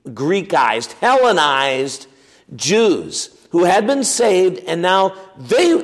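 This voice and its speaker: A male pastor teaches from the pulpit, slow and unhurried, his slightly raised voice ringing with the long reverb of a large hall. He talks in a conversational way, puts questions to the congregation and restarts his phrases with fillers and repeated words. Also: sits high. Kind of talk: sermon.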